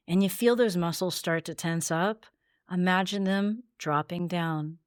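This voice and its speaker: A woman voice coach leading a guided voice exercise with calm, measured instructions. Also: fairly low pitch, clean tone, dry recording, clean studio sound. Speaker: voice coach and podcast host.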